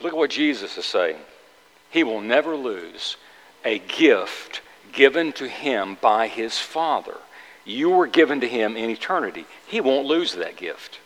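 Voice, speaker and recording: A man's voice: medium pitch, sing-song, measured pace, a bit bright. A middle-aged man preaching a sermon as pastor, earnest and emphatic, often repeating phrases for weight. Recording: long hall reverb.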